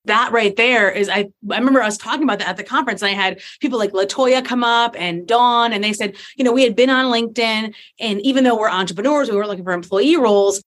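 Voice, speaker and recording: A woman's voice: a little high, fast, hardly any pauses, a bit bright. A woman with a Northern US accent hosting a podcast, encouraging and effusive with her guest. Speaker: podcast host. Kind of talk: casual podcast interview.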